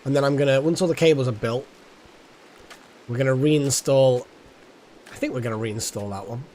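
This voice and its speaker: A man's voice: medium pitch, normal speed, mellow, slight background noise. A man streaming a game live, chatting casually and thinking aloud as he plays. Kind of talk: casual live gameplay commentary.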